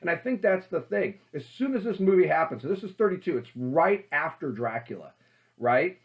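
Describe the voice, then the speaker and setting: Animated man talking horror films. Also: on the high side, moderate pace, highs cut off. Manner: animated, emphatic, many fillers. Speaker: host. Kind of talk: casual horror film talk.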